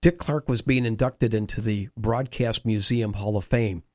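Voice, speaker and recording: A man telling animated anecdotes in a conversation, acting out quoted dialogue. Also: lowish voice, normal speed, no room sound, studio quality. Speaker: interview guest, former baseball team staffer. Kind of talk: storytelling conversation.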